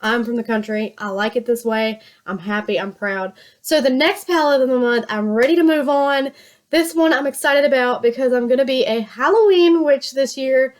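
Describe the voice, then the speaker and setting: A woman's voice: sits high, moderate pace. A chatty woman from Virginia with a Southern drawl, talking casually through her makeup routine and often poking fun at herself. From Virginia, USA. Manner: chatty, self-mocking, laughs often. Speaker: beauty vlogger.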